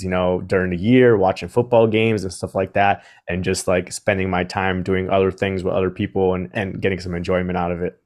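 Low-voiced rambling man. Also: darkish tone. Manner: rambling, many fillers. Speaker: podcast guest. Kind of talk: casual chat.

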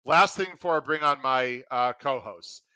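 A man hosting his racing podcast, excitedly welcoming listeners and running through promotions in an energetic, pumped-up way. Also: mid-range voice, normal speed, clear, resonant tone, no room sound, rough recording. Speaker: podcast host.

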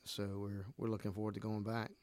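Earnest, lowish man telling faith stories. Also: fairly quick, no echo. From Nicaragua. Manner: earnest storyteller, animated when retelling scripture. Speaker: missionary guest. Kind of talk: casual faith conversation.

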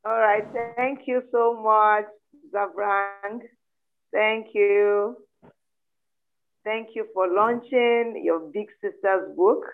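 A woman host with a mid-pitched voice moderates an online event over a thin, tinny call line. She speaks politely and a little hesitantly as she calls the next speakers. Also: steady tone, slow. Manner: polite, hesitant, careful with names. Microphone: online call audio.

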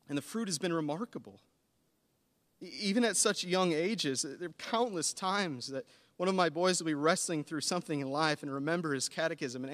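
A man in his thirties preaching a sermon, earnest and building to animated emphasis. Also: a little high. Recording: long hall reverb.

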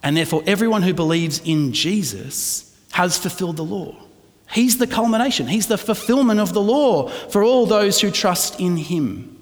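Pastor preaching in a reverberant hall. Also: male voice, high-pitched, lively intonation, moderate pace. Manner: conversational, asks the congregation "right?" often. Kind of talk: sermon.

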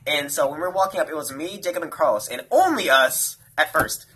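Fast, bright-voiced young man rambling. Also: a little high, expressive, a little hiss or hum, low-quality recording. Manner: rambling, heavy use of "like". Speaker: storyteller among friends. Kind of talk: casual chat.

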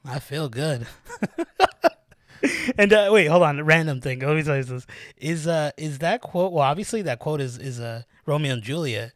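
A man co-hosting a casual podcast, animated and laughing a lot, recording in a small cramped room. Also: on the high side, normal speed, dry recording, studio quality. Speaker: podcast co-host. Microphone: not his usual mic setup.

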